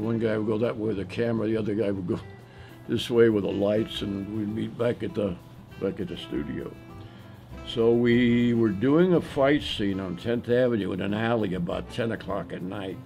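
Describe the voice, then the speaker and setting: An older actor from the South with a New York accent, telling stories from his career in a loose, rambling way with many pauses. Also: on the low side, vocal fry, a little mellow. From Southern US, Tennessee. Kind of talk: reminiscing interview monologue.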